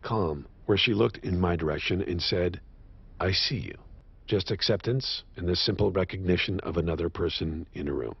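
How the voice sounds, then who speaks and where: An actor voicing a bitter, self-loathing, washed-up horse sitcom star in an animated series, with a sardonic, self-mocking delivery. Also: male voice, moderate pace, gravelly, a little hiss or hum. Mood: raw grief. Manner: sardonic, self-mocking delivery with sudden high-pitched outbursts. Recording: dull lo-fi show audio.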